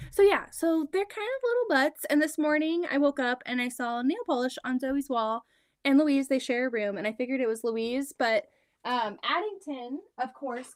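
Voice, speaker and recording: A woman in her thirties chatting casually on a home quilting livestream, rambling about her kids and reading out viewer comments. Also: fairly high pitch. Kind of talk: casual chat on a live stream. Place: home sewing room.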